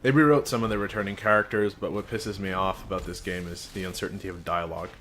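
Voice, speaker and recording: A man with a notably deep voice talks through a video game review in a casual way. He is frank and sarcastic, and he slips in dry jokes. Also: steady tone, fast talker, fairly bright tone, a little hiss or hum.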